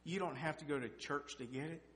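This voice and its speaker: A middle-aged man preaches in a folksy, animated way, his voice climbing in pitch and volume as he presses a point. He speaks at an ordinary mid-range pitch. The recording has a long hall echo and a faint hum underneath. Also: fairly quick. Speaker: lay preacher. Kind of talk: sermon with personal testimony.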